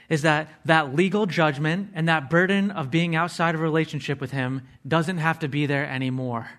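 A man's voice: a little high, a bit bright. A man preaching a sermon, earnestly explaining word meanings step by step and adding casual asides to his listeners.

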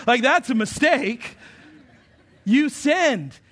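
A man in his thirties preaches in a relaxed, conversational style, with a fairly high voice. He leans on humor and family stories. He builds to emphatic, raised points. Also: moderate pace. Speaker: pastor. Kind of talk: sermon.

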